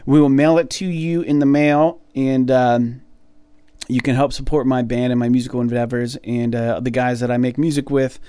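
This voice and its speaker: A man's voice: mid-range voice, moderate pace, clear, resonant tone, no room sound. A man co-hosting a casual podcast, talking loosely with lots of fillers about his band. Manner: relaxed, rambling with many fillers. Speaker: podcast co-host and musician.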